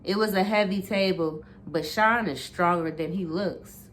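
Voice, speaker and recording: A woman's voice: fairly low pitch, measured pace, slight background noise. A woman reading a memoir aloud in a casual way, stopping now and then to correct herself and reread.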